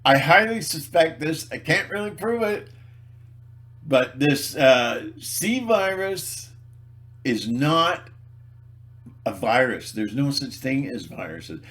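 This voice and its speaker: Brief: slow-talking man rambling theatrically to camera, mid pitch. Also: sing-song, a bit bright. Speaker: video blogger. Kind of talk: rambling monologue.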